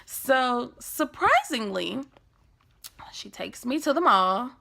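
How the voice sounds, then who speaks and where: A woman's voice: fairly high pitch, takes it slowly, creaky. A young adult woman telling a personal story in a casual, slangy vlog style, acting out the lines she quotes. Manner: animated, acts out quoted lines. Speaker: vlogger.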